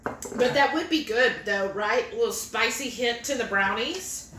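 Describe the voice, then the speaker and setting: A woman's voice: a little high, measured pace, background noise. Giggly woman reading chat comments. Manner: chatty and giggly, reads comments aloud. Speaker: cooking stream co-host. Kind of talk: casual livestream chat, reading viewer comments aloud. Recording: echoey kitchen room.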